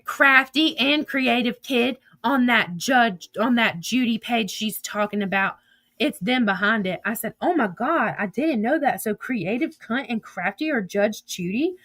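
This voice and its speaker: A woman speaking a bit high, reading text messages aloud with a steady stream of profanity and gossip. She breaks into laughter often as she recounts the exchanges. The sound is dry and close, with no room around her voice. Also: no echo. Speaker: social media streamer.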